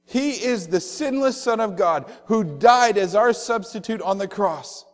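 Man, pastor, high voice, storytelling sermon, long hall echo. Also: lively intonation, soft background music. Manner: storytelling preacher, drawn-out emphatic phrases.

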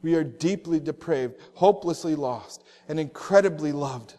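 A male pastor preaching a sermon, telling stories and slowing down on emphatic phrases. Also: on the high side, lively intonation, mellow, in a large hall.

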